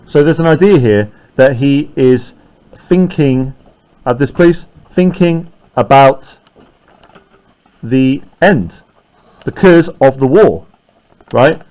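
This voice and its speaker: A man's voice: medium pitch, animated, unhurried, mellow. A man teaching a class, explaining lines of a play and often checking in with "right?".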